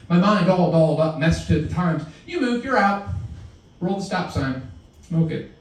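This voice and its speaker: A man giving a live poetry reading in a theatrical way, jumping between shouted and murmured lines. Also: on the high side. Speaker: poet. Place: reading venue. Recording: echoey room, mic far off.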